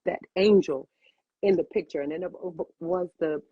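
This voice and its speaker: A woman's voice: fairly low pitch, moderate pace, muffled recording, a little hiss or hum. A woman in her fifties, a cigar bar owner, telling a personal story with feeling as an interview guest and repeating phrases for emphasis.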